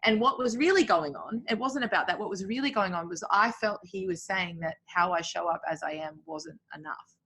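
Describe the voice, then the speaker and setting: A woman's voice: mid-range voice, fairly quick, fairly bright tone, breathy edge. A woman talking openly as a guest in a casual conversation, reflective, with many filler words. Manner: open, reflective, heavy use of filler words.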